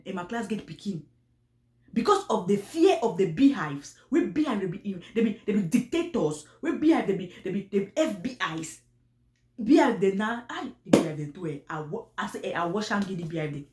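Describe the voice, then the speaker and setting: A woman with a Cameroonian Pidgin English accent, giving casual commentary on online personalities in an animated, repetitive way with frequent restarts. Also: medium pitch, roomy sound. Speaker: commentary vlogger.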